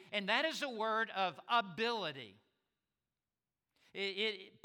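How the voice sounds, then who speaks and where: A man's voice: high-pitched, bright, forceful tone. A man preaching a sermon as a pastor, stressing and repeating key words, with small stammers as he restarts. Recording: long reverb of a large hall.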